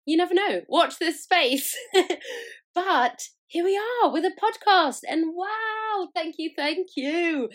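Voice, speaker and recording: A young woman talks alone into her podcast mic, chatty and giggly, and often laughs at herself. Her voice swings widely up and down as she tells her story, never staying flat for long. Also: a little high. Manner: giggly, chatty, self-mocking. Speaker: podcast host. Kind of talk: casual solo chat.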